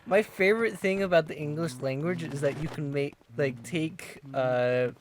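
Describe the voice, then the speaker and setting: A man's voice: a little high, normal speed, slight background noise. A man co-hosting a let's-play, joking around playfully in casual chat. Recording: game music playing behind.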